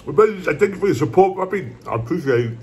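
A man in a casual home eating vlog, rambling along in a relaxed, repetitive way as he talks to his viewers. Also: fairly high pitch, very fast, a little hiss or hum. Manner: laid-back, rambling, repeats "my brothers" and "puppy". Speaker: mukbang vlogger. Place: at home, indoors.

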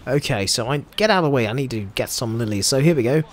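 A man's voice: mid-range voice, expressive, fast talker, background noise. A man with an Australian accent giving chatty, jokey commentary over his own gameplay. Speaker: gameplay video host.

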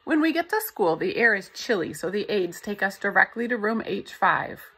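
A woman reading a novel aloud in the first person, in a steady storytelling manner. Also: medium pitch, moderate pace, slightly rough, low-quality recording. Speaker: audiobook narrator.

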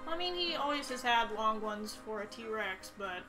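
Playful high-voiced woman over game music. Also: lively intonation, normal speed, poor audio. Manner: playful, fannish, swears casually. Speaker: let's play co-host. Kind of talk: casual gaming chat.

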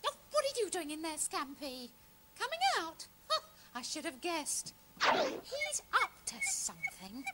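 A woman's voice: extremely high pitch, huge pitch swings, unhurried, very noisy, exaggerated voice. A woman voicing a vain, chatty female panda puppet in a children's TV comedy. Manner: chatty and fussy.

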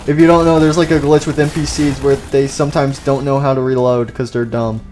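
Excitable young man doing game commentary. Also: medium pitch, fairly quick, a little hiss or hum. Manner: excitable, loud outbursts and goofy jokes. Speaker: gaming YouTuber. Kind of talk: casual gameplay commentary.

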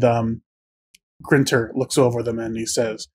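A man's voice: mid-range voice, unhurried, slightly rough. A man running a tabletop game as game master, narrating scenes in a descriptive way with frequent filler words.

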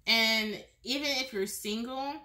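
A woman with a bright, forward voice gives a pick-a-card tarot reading. She talks straight to the viewer in a loose, chatty way, often restarting her sentences and breaking into laughs. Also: a little high, measured pace. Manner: speaks directly to the viewer. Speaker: tarot reader.

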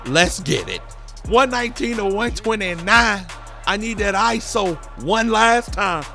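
A man's voice: sits high, lively intonation, unhurried, vocal fry, bright, forceful tone, soft background music. A man giving hyped, boastful commentary over his own gameplay, trash-talking and often slipping into a sing-song delivery. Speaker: gaming YouTuber.

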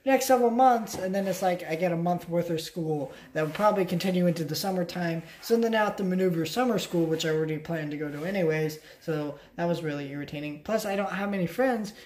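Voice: mid-range voice, fast, few pauses, darkish tone. A tired young adult vlogger talking casually at home late at night, rambling and self-mocking with frequent restarts. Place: at home, by a couch. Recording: roomy, echoey room.

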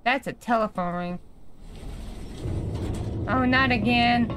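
A woman's voice: a little high, moderate pace, pauses often, background noise. A young woman commentating casually as she plays a horror game. She talks to herself in a chatty, jumpy way and reads out the game's lines. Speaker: gaming streamer.

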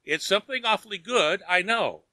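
A man's voice: on the high side, animated, a little slow, pushed and bright, dry recording, pitched above the performer's own voice, heavily acted. Eager young woman pleading earnestly, read by a man. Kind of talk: audiobook character reading.

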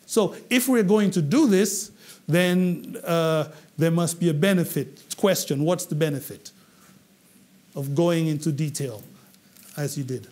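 A man from England teaching a public speaking class, animated and asking the students questions, often repeating himself. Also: on the high side, unhurried. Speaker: English public speaking trainer.

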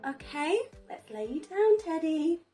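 A young British woman hosts a toddler learning video in exaggerated, gasping baby talk. Her voice is very high and swoops all over the place, and she speaks slowly. Faint children's music plays underneath. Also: animated, mellow. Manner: exaggerated sing-song baby talk with gasps. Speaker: toddler teacher.

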